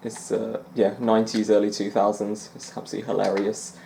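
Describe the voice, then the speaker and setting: A man's voice: on the low side, completely flat delivery, a little fast, vocal fry, dark tone, reverberant, a little hiss or hum. A man giving rambling, chatty commentary over a snooker video game and amusing himself along the way. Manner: rambling, chatty, self-amused, lots of fillers. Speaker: gaming channel host.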